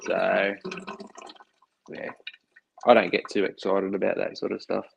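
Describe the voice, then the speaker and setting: Australian man, gravelly, relaxed guest on a phone line with light hiss. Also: deep voice, a little slow. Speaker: podcast guest. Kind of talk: casual chat.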